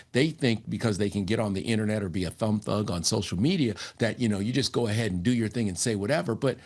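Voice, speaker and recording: A man telling stories as a guest in a casual podcast interview, acting out quotes with lively energy. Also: on the low side. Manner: animated, acts out quotes in other voices. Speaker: entertainment and sports TV host, guest.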